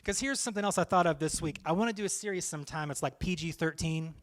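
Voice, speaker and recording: A man's voice: fairly high pitch, fast. A male pastor preaching a sermon in a conversational way, full of joking stories. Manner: conversational, jokey storytelling.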